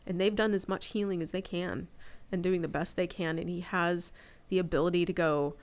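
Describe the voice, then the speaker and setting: A woman's voice: on the low side, steady tone, brisk. A woman in her forties, a podcast guest, telling personal stories in a candid, reflective casual chat.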